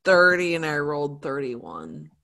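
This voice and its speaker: A woman at a tabletop game, tossing out wry, sarcastic remarks. Her pitch swings widely and she speaks slowly. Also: sing-song, creaky, fairly bright tone. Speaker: player. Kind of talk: tabletop role-play banter.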